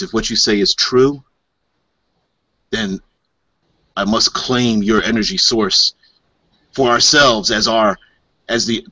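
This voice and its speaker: A man voicing a proud, defiant male alien starship commander, speaking up high and declaiming in a dull lo-fi recording. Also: pushed and bright, slightly rough, dry recording. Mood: grave. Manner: raised, declamatory, pitched up.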